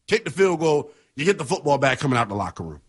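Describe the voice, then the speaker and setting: A man's voice: on the high side, sing-song, fast, slightly rough. A man hosting a sports talk show, giving passionate, emphatic commentary in a conversational way. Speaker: sports radio host.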